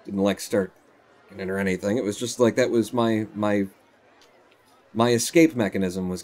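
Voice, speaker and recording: A man's voice: fairly low pitch, steady tone, moderate pace, pauses often, a little mellow. Guy rambling on his stream from home, chatty, meandering stories. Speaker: live streamer. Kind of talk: casual live-stream chat while playing.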